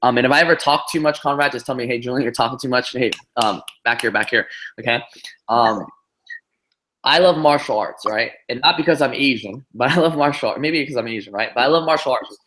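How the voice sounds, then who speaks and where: A man speaks at an everyday middle pitch as a business trainer on a group call. He tells a long motivational story in an animated way. He keeps it going with fillers and quick tag questions. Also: a little hiss or hum.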